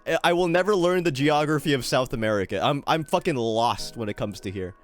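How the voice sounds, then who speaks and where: A man's voice: mid-range voice, brisk, soft background music. A man streaming a guessing game, chatting casually, swearing freely and poking fun at himself. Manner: swears freely, animated and self-mocking. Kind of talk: casual live-stream commentary.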